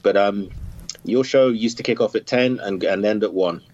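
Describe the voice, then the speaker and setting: A man calling in on a dull, muffled line, his voice sitting low. He speaks earnestly and encouragingly, pausing and restarting as he goes. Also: darkish tone. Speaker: caller. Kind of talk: phone-in call.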